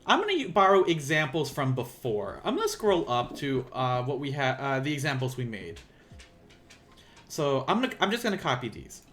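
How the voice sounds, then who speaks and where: A man's voice: mid-range voice, huge pitch swings, moderate pace, fairly bright tone. A man with a Southern US accent giving a casual live-streamed language lesson, rambling and self-deprecating as he thinks aloud. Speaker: language teacher. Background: keyboard typing.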